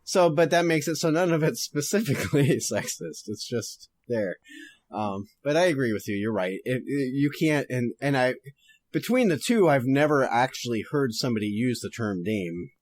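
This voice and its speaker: A man's voice: mid-range voice, animated, moderate pace. A young man hosting a podcast, chatting casually and reading a story aloud, laughing often and swearing freely.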